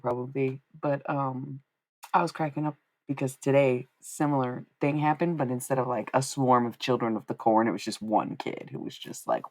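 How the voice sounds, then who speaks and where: A woman streamer chatting casually at home, telling a funny story with laughs, swearing, and quoted lines in put-on high voices. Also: normal speed, darkish tone, no room sound.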